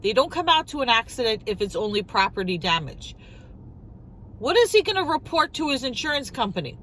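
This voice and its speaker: A high-pitched woman with a voice that leaps up and down as she tells her story. She is a middle-aged vlogger talking casually while she eats, and she sounds animated and incredulous, firing off one rhetorical question after another. A faint hum of noise sits under her voice. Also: brisk, rough recording.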